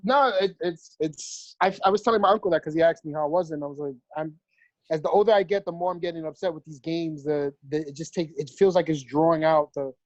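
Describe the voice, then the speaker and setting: A man co-hosting a podcast in casual chat, blunt and swearing a lot as he talks in quick bursts. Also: on the high side, dry recording, muffled recording. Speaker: podcast co-host.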